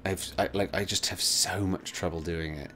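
A man's voice: low voice, steady tone, normal speed, a bit bright, a little hiss or hum. A man hosting a casual let's play, rambling with lots of fillers and swearing. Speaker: gaming channel host.

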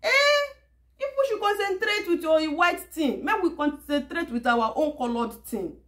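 A woman's voice: high voice, expressive, normal speed. A woman vlogger with a Nigerian Pidgin English accent, talking straight to camera in a sarcastic, emphatic way and repeating her points. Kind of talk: casual monologue to camera.

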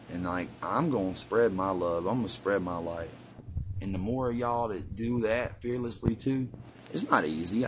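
A man delivering a profane, ranting monologue as a vlogger, swinging between loud preaching and hushed musing. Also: sits low, slight background noise.

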